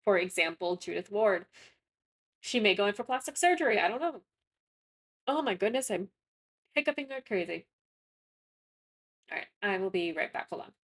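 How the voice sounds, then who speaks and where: A woman's voice: mid-range voice, animated, normal speed, pauses often, fairly bright tone. A young woman chatting casually through gameplay commentary, rambling and often correcting herself mid-sentence. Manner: rambling, chatty, frequent self-corrections and fillers. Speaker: gaming content creator.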